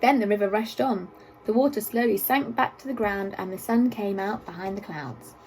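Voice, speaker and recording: A woman reading a children's story aloud in an expressive, sing-song way. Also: medium pitch, moderate pace, poor audio.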